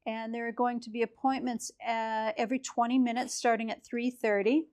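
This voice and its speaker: A woman's voice: fairly high pitch, flat delivery, normal speed, a little mellow. A woman lecturing a chemistry class in a casual, explanatory way, with a few fillers as she goes.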